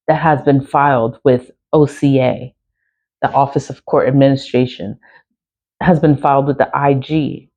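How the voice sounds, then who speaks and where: A woman's voice: sits low, mellow, muffled recording. A woman vlogger in an unscripted personal rant, swearing often, repeating herself and laughing bitterly. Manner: profane, repetitive, laughing bitterly. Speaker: spiritual vlogger.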